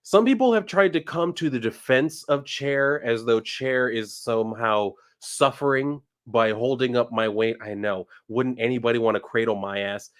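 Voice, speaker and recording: A male streamer chatting casually on a live stream, reading out viewer messages. His pitch swings widely as he gets worked up, and he swears freely in a loose, joking way. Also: moderate pace, hardly any pauses. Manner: animated, swearing, reads chat aloud.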